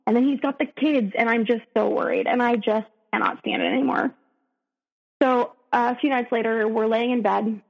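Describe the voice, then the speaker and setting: Woman, husky, fairly high voice, emotional halting storytelling, dull echoey recording. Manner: emotional, halting, with many restarts. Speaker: podcast guest. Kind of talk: personal storytelling.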